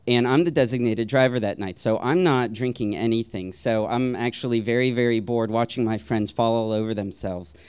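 A man telling a personal story in a wry, self-deprecating way, rambling a little with ums and uhs and soft chuckles. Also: medium pitch, moderate pace, hardly any pauses, clean tone.

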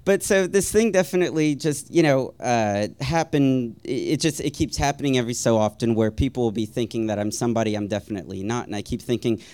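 A man telling a personal story in a wry, self-deprecating way, rambling a little with ums and uhs and soft chuckles. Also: mid-range voice, fairly quick, hardly any pauses, smooth.

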